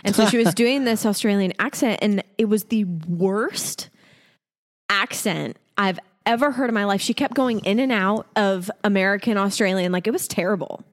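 A woman's voice: medium pitch, moderate pace, in a large hall. A woman co-hosting a podcast in casual chat, talking in a chatty and opinionated way with plenty of fillers. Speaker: podcast co-host.

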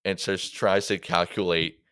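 A young man speaks in a lowish, smooth, resonant voice. He tells a rambling story in casual podcast chat, leaning on fillers, and the sound is dry and close to the mic. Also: level tone, measured pace, a bit bright, dry recording. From Canada. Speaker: guest comedian.

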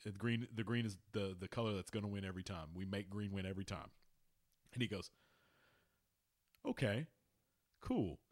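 Profane animated man telling sports stories. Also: low voice, fast talker. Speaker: podcast co-host. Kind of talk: casual sports chat.

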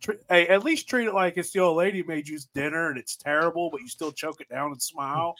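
A man's voice: a little high, fast talker, pushed and bright. A man hosting a casual chat, teasing his guests and laughing often. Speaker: podcast host.

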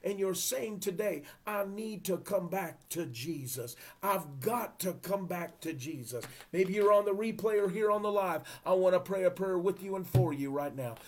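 A man's voice: high voice, lively intonation, moderate pace, hardly any pauses. A man preaching a sermon, fervent and emphatic, repeating his phrases for emphasis. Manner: drops to a whisper at times.

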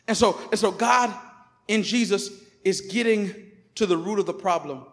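A male pastor preaching in a church sanctuary, his voice sitting unusually high for a man. He moves between emphatic, declaring peaks and hushed, conversational asides. The sound rings with the long reverb of a large hall. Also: moderate pace. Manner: emphatic preaching, swinging from loud proclamations to quiet asides. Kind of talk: sermon.

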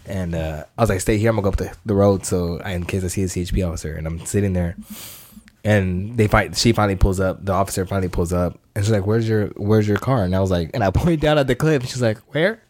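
A man's voice: low voice, quick pace, darkish tone, no room sound. A man, co-hosting a podcast, telling a story in a slangy, rambling way, swearing and acting out voices. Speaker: podcast co-host. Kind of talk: casual chat.

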